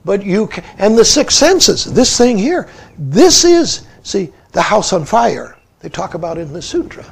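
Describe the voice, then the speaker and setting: Older man, Zen teacher, very high gravelly voice, slow and lively, keeps saying "see". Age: 70s. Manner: peppers speech with "see", asks listeners questions. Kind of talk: dharma talk.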